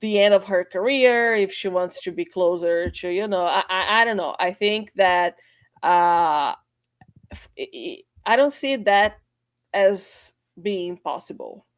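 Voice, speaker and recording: A woman's voice: mid-range voice, a little slow, clean tone, no echo. A woman co-hosting a casual sports podcast, speaking in a hesitant, thoughtful way with many fillers. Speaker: podcast co-host.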